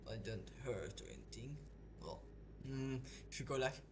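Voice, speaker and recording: Lively intonation and a slightly mellow, medium-pitched voice mark this man from Belgium, a gaming streamer who speaks English, which isn't his first language. At normal speed he chats over gameplay, rambling and hesitating with frequent restarts, on a noisy home mic.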